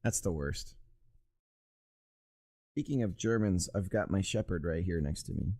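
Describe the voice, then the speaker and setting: A man's voice: sits low, animated, a little slow, dark tone. A man streaming live, chatting casually and joking with his viewers. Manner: playful, calls out to a pet in a sing-song voice.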